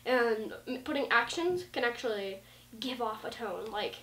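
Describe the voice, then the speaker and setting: A woman's voice: on the high side, animated, normal speed, fairly bright tone, slight background noise. A woman vlogging in a casual, rambling way, full of likes and ums, acting out lines of dialogue as she goes. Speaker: vlogger talking about writing. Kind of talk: casual rambling talk to camera. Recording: roomy sound from a distant mic.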